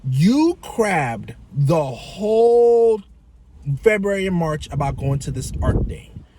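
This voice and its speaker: A man's voice: high voice, very animated, slow, warm tone, a little hiss or hum. Exasperated, swearing man venting. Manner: profane, exasperated ranting. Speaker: vlogger. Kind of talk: casual storytelling vlog.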